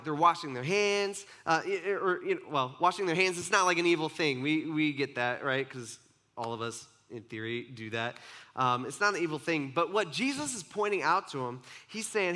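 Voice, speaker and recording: Bright-voiced casual preacher man. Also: on the high side, animated, normal speed. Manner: conversational, acts out quoted voices, many asides. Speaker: pastor. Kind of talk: casual sermon.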